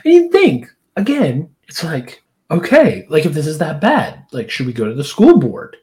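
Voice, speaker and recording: A podcast co-host in casual chat, animated and laughing, acting out quoted lines with big jumps in pitch. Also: moderate pace.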